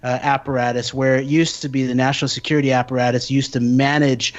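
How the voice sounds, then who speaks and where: A man's voice: medium pitch, little pitch movement, quick pace. A man in casual political talk who speaks in long winding sentences full of fillers. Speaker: podcast co-host. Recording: dull lo-fi audio.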